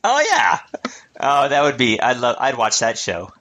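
A man's voice: mid-range voice, big pitch swings, measured pace, pushed and bright. A man co-hosting a podcast, chatting casually and mockingly, cursing and laughing often. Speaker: podcast co-host. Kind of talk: casual comedic commentary.

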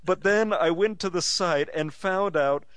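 A man's voice: high-pitched, unhurried, fairly bright tone, smooth, no room sound. Male co-host, dry teaser, casual banter, dry studio sound. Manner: dry, teasing. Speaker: podcast co-host. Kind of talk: casual comedic chat.

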